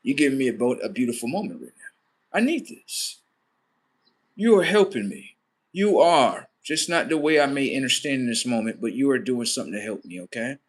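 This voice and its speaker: A man hosting a livestream, telling a comic story in a profane, animated way and acting out the scenes. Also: mid-range voice, moderate pace. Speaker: livestream host. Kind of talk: comedic storytelling monologue.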